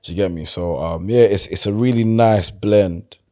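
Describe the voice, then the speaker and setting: A man with a South London accent, chatting casually as a podcast guest and telling stories in a relaxed, loose way. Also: on the low side, normal speed. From London, England. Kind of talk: casual conversation.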